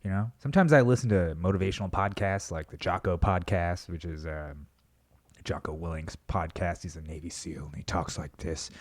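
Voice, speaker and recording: A young adult man hosts his own solo podcast, rambling casually, poking fun at himself and swearing freely. His low-pitched voice moves at a moderate pace.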